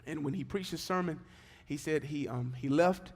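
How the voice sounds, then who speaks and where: A man preaching a sermon in church, moving between relaxed storytelling and fervent exhortation. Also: fairly high pitch, normal speed, gravelly. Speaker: pastor. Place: church service.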